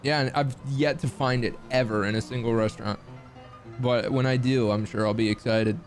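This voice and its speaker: A young man from the Midwest US chatting casually with his stream chat, swearing freely and making lively asides. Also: mid-range voice, normal speed, faint music behind.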